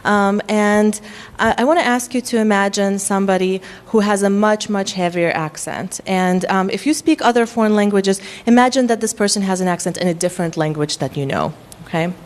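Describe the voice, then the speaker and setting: Woman with faint Russian accent presenting. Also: mid-range voice. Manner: frequent ums, measured explanatory tone. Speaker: workshop presenter. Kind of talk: lecture to faculty.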